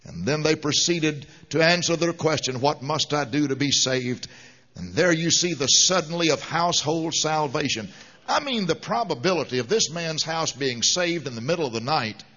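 A man's voice: fairly high pitch, animated, moderate pace, bright, forceful tone. A man preaching a sermon with an emphatic, fervent delivery. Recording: dull lo-fi sound with long hall reverb.

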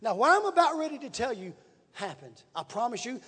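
A man's voice: extremely high pitch, very animated, a little fast, a bit bright, slightly rough. A man preaching, telling a folksy story with repetition and building emphasis. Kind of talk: sermon storytelling. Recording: long reverb in a large hall.

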